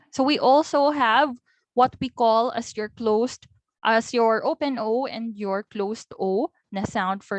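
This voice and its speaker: A woman with a Philippine accent giving a recorded linguistics lecture, patiently repeating example words slowly and clearly. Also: a little high, no echo, rough recording. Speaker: linguistics teacher.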